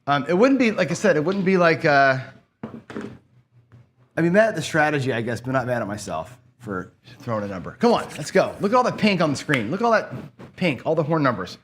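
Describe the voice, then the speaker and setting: A man's voice: a little high, very animated, a little fast, a bit bright, slight background noise. A man hosting a gambling channel, giving casual play-by-play commentary in a rambling, profane way, as if talking to himself. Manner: rambling, profane, talks to himself while playing.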